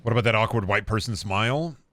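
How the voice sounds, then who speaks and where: A man from Iowa streaming a game, reading chat questions aloud and answering with offhand jokes and gruff mock-dad phrases. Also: lowish voice, quick pace, fairly bright tone, no room sound. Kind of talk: casual live-stream chat while gaming.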